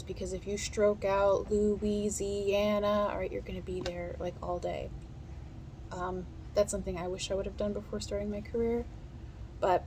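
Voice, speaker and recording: A woman teaches stenography practice casually, chatting quickly and speaking right to the people watching. Her voice is mid-range and a little mellow, and some hiss or hum runs under it.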